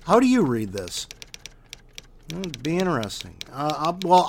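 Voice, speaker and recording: A man's voice: a little high, big pitch swings, measured pace, a little hiss or hum. A man hosting a short story show, talking casually and rambling off track. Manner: rambling and self-interrupting. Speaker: host. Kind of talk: casual podcast chat.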